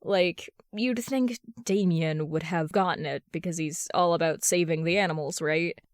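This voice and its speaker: In a fan-read audiobook, a woman reads as an upset young woman vigilante with a low, dry voice. She rambles in a plain, everyday way. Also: moderate pace, no room sound, close to an everyday voice. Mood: hurt.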